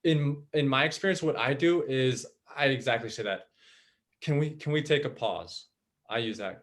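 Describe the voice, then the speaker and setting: A man's voice: mid-range voice, normal speed. A man leading a live online webinar on workplace communication, talking casually and often checking in with "right?". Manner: conversational, frequent "right?" checks. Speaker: webinar trainer.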